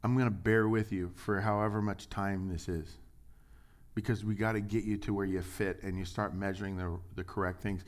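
A man preaching a sermon, reading scripture and acting out quotes, shifting between loud, raised lines and quiet asides. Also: on the low side, flat delivery, moderate pace. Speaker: pastor.

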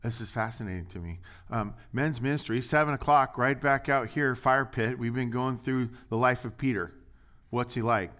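Speaking in a mid-range voice at moderate speed, a middle-aged male pastor preaches in a conversational style. His delivery shifts between quiet asides and forceful, loud readings.

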